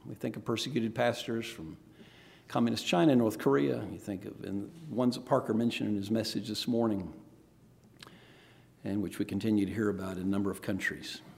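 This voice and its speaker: A man's voice: on the low side, fairly quick, creaky. A middle-aged man preaching a sermon, telling stories and acting out quoted voices along the way. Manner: storytelling, animated, acts out quoted voices. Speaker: former pastor, missionary speaker. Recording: reverberant hall.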